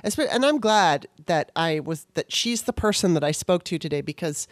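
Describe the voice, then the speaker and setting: A woman's voice: lowish voice, lively intonation, normal speed, hardly any pauses, no room sound, clean studio sound. A woman from Baltimore hosting a podcast, talking in a candid, rambling way, often restarting her sentences. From Baltimore, Maryland. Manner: rambling, self-correcting, candid. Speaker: podcast host. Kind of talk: casual conversation.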